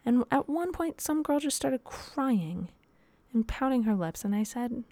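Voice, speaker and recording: Young woman rambling on her podcast, lots of fry, dry close sound. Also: fairly high pitch, expressive, a little slow, warm tone, no echo. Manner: rambling, chatty, lots of fillers. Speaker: podcast host and dance teacher. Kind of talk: casual solo podcast chat.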